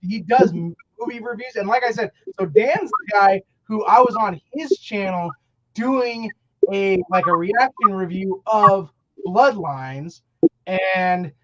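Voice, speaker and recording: A man's voice: high voice, slow pace, dull audio, a little hiss or hum. A man chatting as a podcast guest, jokey and talkative, with some swearing. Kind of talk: casual podcast chat.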